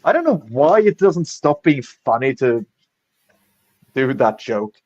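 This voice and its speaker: A man's voice: mid-range voice, very animated, slow, darkish tone, no room sound. Rambling, swearing man on a dull, dry mic. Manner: rambling, heavy swearing, many fillers. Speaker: podcast host. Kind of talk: casual livestream chat.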